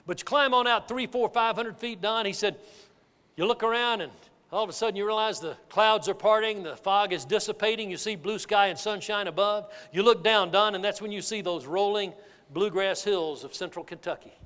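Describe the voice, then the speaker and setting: A man giving a keynote sales speech, telling a folksy, animated story to a live audience. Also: sits high, fairly quick, clear, resonant tone. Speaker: motivational sales speaker. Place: large hall with an audience. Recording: reverberant hall.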